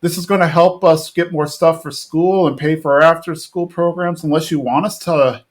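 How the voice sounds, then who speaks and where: A man's voice: fairly high pitch, steady tone, moderate pace, voice pushed up, natural voice. A man quoting a whiny young boy. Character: young chubby boy avoiding exercise.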